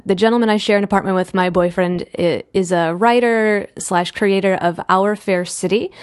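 A woman guesting on a casual podcast, chatty and bubbly. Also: mid-range voice. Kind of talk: casual chat.

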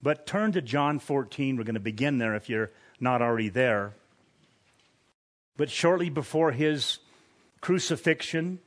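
A man with an average-pitched voice preaches an expository sermon, speaking earnestly and with emphasis, raising his voice on the points he wants to land.

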